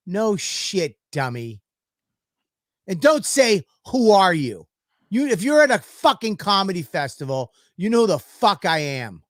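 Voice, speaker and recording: A man's voice: high-pitched, sing-song, unhurried, dry recording, studio quality. Profane ranting male podcast host. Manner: profane ranting storyteller, laughs often. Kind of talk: casual podcast chat.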